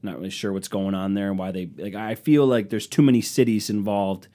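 His voice is lowish, warm and steady, a little fast. The young host uses his solo comedy podcast to sarcastically rant about rude customers, mocking them in put-on voices.

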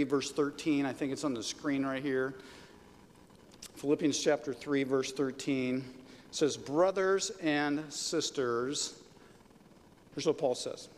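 A male pastor gives a sermon in a relaxed, conversational way, often tossing out "right?" and "okay?" to the room. His voice sits a bit high for a man. A long reverb from a large hall trails behind his words.

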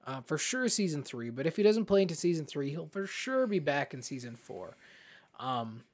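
A man co-hosting a casual film podcast, excitable and animated, often acting out scenes as he talks. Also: a little high, normal speed. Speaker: podcast co-host. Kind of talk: casual film review chat.

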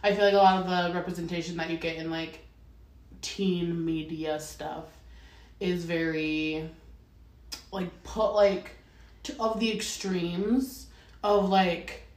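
A woman co-hosting a casual chat, animated and swearing often, with lots of "like" fillers. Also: fairly low pitch, takes it slowly, pauses often. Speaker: podcast co-host. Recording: roomy echo, a bit far from the mic.

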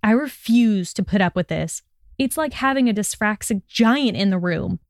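Sneering young male wizard, read by a woman: slow, forceful growl, louder. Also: medium pitch, expressive, dry recording, clean studio sound, close to an everyday voice.

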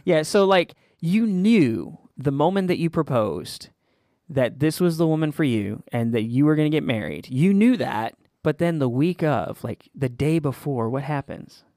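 A man's voice: a little high, expressive, normal speed, warm tone, dry recording, studio quality. A man hosting a faith podcast for small business owners, telling stories in an earnest, encouraging way. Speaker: podcast host. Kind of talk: casual faith podcast chat.

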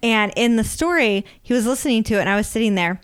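A young woman co-hosting a podcast in casual chat, chatty and animated, laughing often as she tells stories. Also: a little high, fast, smooth. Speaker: podcast co-host.

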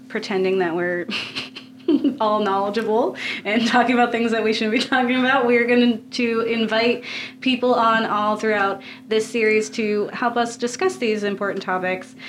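A woman's voice: mid-range voice, slight background noise. A woman hosting a podcast from a home basement, talking casually and laughing often between her phrases. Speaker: podcast host. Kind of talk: casual chat.

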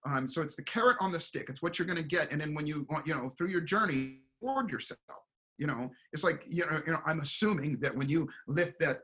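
A middle-aged man and performance coach, talking in a casual interview as an animated storyteller who acts out quoted voices. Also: fairly high pitch, fairly quick. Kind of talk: casual motivational interview talk.

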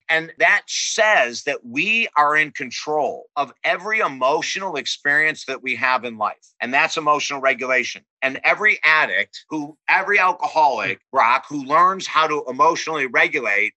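A man in recovery, a counselor and coach, telling stories in a relaxed interview and acting out the voices in them. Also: on the high side, normal speed, hardly any pauses, no echo, poor audio. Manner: animated storyteller acting out quoted voices. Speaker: guest, counselor and life coach. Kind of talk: casual interview storytelling.

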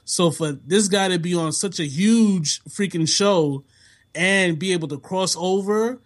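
High-voiced animated man chatting. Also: measured pace. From half Bajan, family in Toronto. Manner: animated, laughing, emphatic. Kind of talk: casual chat.

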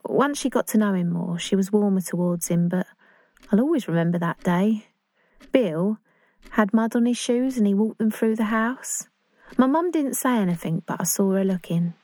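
A woman's voice: mid-range voice, lively intonation, normal speed, dark tone, no room sound, close to an everyday voice. An actress playing an earnest, awkward young woman in love. She speaks in a chatty, confiding, self-conscious English voice in a dramatic monologue. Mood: hurt.

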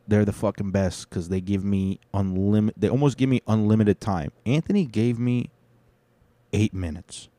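A young man with a low, mellow voice rambles through a loose, swaggering recap of his week, full of profanity and side tangents. The sound is dry and close, with no room around it. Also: no echo.

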